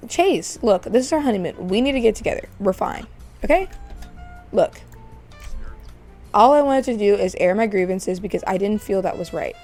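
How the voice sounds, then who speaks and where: A woman's voice: mid-range voice, expressive, moderate pace, long pauses, dark tone, soft background music, lightly acted. A woman voicing a young bride in a life-sim game, firm and earnest with her husband. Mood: pleading.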